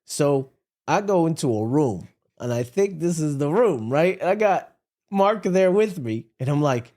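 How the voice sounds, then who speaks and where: A man co-hosting a podcast, telling a story in a casual chat and acting out what other people said. He talks in quick bursts, full of restarts and "like.". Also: fairly high pitch, expressive, warm tone. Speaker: podcast co-host.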